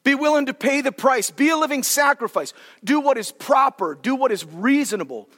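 A male pastor preaching in a church hall, his high voice carried on a long reverb. He talks in an animated, colloquial way as he unpacks Scripture. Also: fairly quick. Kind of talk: sermon.

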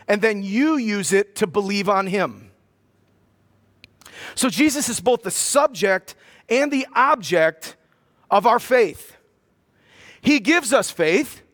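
High-voiced preacher in a reverberant hall. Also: male voice, a bit bright. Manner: teaching, reads scripture slowly, then speeds up. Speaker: pastor. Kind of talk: sermon. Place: church hall, in front of a congregation.

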